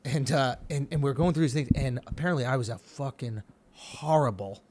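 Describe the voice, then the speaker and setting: A man's voice: mid-range voice, a little fast, noisy background. A man in his thirties hosting a comedy podcast, telling a story animatedly and swearing freely. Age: 30s. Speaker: podcast host.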